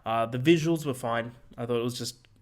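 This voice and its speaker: A man co-hosting a podcast, giving a casual, rambling film review with many fillers and restarts in a monotone voice. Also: medium pitch, brisk. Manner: calls his voice monotone. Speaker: podcast co-host.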